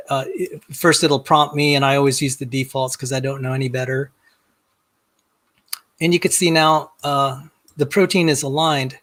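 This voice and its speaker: A middle-aged man walking through a software demo on a video call, rambling and self-deprecating, often repeating words as he starts a sentence. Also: on the high side. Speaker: guest. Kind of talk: casual screen-share demo chat.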